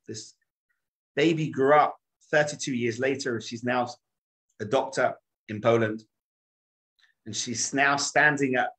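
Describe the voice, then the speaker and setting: A man's voice: medium pitch, fairly bright tone, low-quality recording. A middle-aged man, a rabbi, telling a story in a talk with dramatic shifts of voice.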